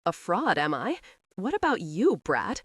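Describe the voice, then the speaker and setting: A woman's voice: on the low side, huge pitch swings, measured pace, breathy edge, dry recording, clean studio sound, exaggerated voice. A woman voicing a brash, arrogant young man who teases and needles, read in an audiobook. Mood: needling. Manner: mocking, needling. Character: brash young male horseman, teasing and arrogant.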